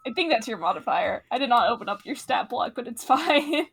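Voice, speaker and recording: A woman's voice: on the high side, animated, fairly quick, fairly bright tone, slightly rough. A woman narrating a tabletop game as game master, casual and laughing, with many fillers.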